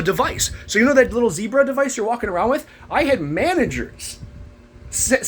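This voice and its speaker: A man's voice: high-pitched, a bit bright. A young man ranting bitterly to camera about a former job, profane and rambling. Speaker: former warehouse worker. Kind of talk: angry rant to camera.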